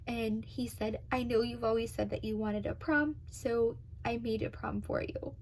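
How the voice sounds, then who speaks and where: A woman's voice: fairly high pitch, unhurried, poor audio. A young adult woman telling her personal love story in an earnest, emotional way, with many ums and moments where she gets tearful.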